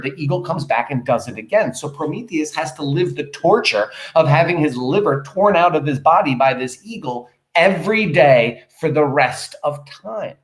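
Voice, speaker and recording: Male teacher, lively pitch, echoey room, reads a play aloud and explains it. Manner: animated, questioning, pauses to explain. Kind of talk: reading a play aloud with commentary for students.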